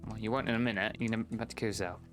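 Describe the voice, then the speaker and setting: A man's voice: lowish voice, steady tone, rapid-fire, music in the background. A young man casually commenting on a game during a live stream, exasperated with the characters, swearing and laughing often.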